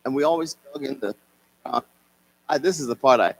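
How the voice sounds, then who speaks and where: An older man, an author and singer, telling a childhood story at a live reading in an expressive, sing-song way. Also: medium pitch, fairly quick. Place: concert hall at a public reading.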